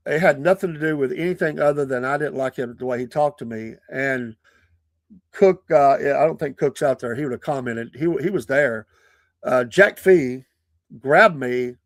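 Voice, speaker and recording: A man, a podcast host and preacher, telling stories in a casual, animated way, often breaking into laughter. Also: medium pitch, normal speed, no echo. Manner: animated, laughing often, acting out quoted people.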